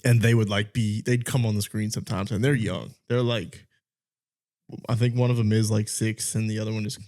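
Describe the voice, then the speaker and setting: A man's voice: on the low side, little pitch movement, brisk, a little mellow. A man in his thirties co-hosting a podcast, rambling casually with lots of fillers and trailing thoughts. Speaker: podcast co-host. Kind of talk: casual chat.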